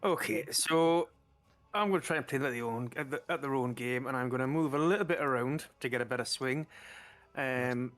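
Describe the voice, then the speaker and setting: A man's voice: medium pitch, fairly quick, fairly bright tone. A man playing a tabletop game, eager and hopeful about his rolls. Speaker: player. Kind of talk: casual tabletop game play.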